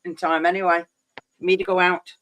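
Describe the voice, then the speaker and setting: Bright-voiced woman chatting. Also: fairly low pitch, level tone, brisk, slight background noise. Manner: chatty, jokey, rambling asides. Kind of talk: casual chat.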